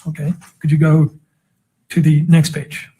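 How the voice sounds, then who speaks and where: A man's voice: a little high, monotone, unhurried, mellow, husky. Methodical man questioning in court. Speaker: defense attorney. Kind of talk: courtroom cross-examination.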